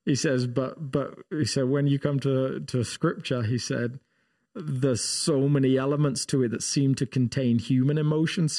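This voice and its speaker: A man's voice: a little high, darkish tone. A man co-hosting a casual faith discussion, telling stories with lots of restarts and fillers. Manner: storytelling, many restarts and fillers.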